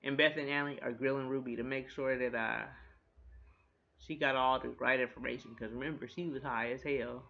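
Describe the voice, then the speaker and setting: A man giving a casual, animated recap of a TV episode. He talks in a chatty way, swears freely and laughs along with the jokes. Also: medium pitch, moderate pace, gravelly, muffled recording. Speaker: TV recap host.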